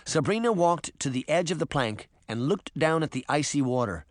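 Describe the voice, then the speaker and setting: A man narrating an audiobook in an expressive, dramatic manner. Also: on the high side, moderate pace, no echo, clean studio sound. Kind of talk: scripted narration.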